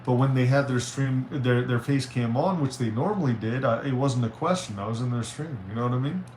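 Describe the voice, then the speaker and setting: A man streaming live, chatting casually and reading viewer messages aloud with halting restarts. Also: mid-range voice, a little mellow. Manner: rambling, reads chat aloud, halting restarts. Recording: roomy with faint noise.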